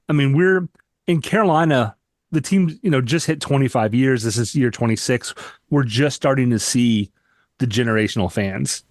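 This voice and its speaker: A man's voice: mid-range voice, moderate pace, no room sound, clean studio sound. A man hosting a podcast, chatting in a casual, rambling way with his guest. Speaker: podcast host. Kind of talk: casual chat.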